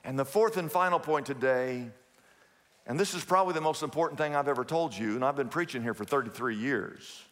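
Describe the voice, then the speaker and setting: A man preaching a sermon as a pastor, emphatic, stretching some words slowly and rushing through others, and acting out quoted speakers. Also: mid-range voice, a bit bright. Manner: emphatic preaching, swinging from drawn-out to rapid. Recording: long hall reverb.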